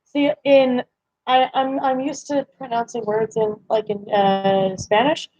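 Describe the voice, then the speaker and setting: Young woman, stream host, rambling casual chat at home, a bit high-pitched, slightly dull lo-fi mic audio. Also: level tone, a little slow, warm tone, dry recording. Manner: chatty, rambling, lots of fillers. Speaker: livestream host.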